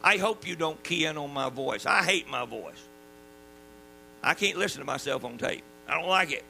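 A man with a Southern US accent preaching a sermon in a folksy, emphatic way, dropping suddenly to quiet. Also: on the high side, expressive, moderate pace, creaky, rough recording. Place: church. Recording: mains hum underneath.

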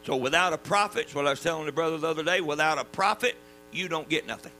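A man with a Southern US accent preaching a sermon in a folksy, emphatic way, dropping suddenly to quiet. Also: on the high side, quick pace, rough recording. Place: church. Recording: mains hum underneath.

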